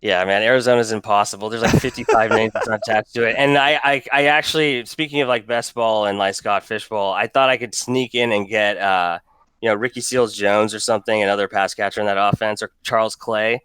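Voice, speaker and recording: A man's voice: lowish voice, fairly even intonation, brisk, a bit bright, clear, resonant tone, no room sound. A man co-hosting a podcast in a casual, joking chat that rambles with restarts. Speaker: podcast co-host. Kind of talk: casual fantasy football chat.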